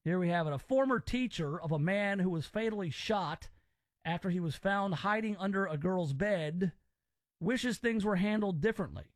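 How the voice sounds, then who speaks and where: A man's voice: high voice, lively intonation, normal speed, no room sound, studio quality. A man from Memphis hosting a casual talk radio show, opinionated and rambling as he reacts to stories. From Memphis, Tennessee, US.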